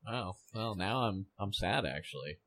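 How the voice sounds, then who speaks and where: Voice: sits low, animated, moderate pace, fairly bright tone, dry recording. A podcast co-host dropping dry one-liner jokes in casual banter.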